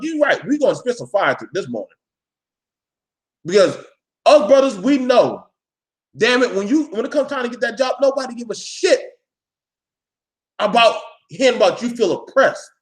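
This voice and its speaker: Talking straight to his viewers in a live rant, this man is blunt, profane and preachy, calling out his audience and pushing his point hard. His voice is extremely high and sing-song, at a normal speed broken by long pauses.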